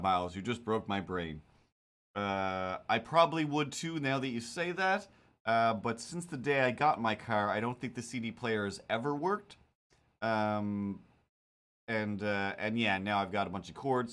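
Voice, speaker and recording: A man's voice: mid-range voice, normal speed, fairly bright tone. A man streaming while he draws, chatting casually in a rambling, self-mocking, jokey way. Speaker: cartoonist streamer.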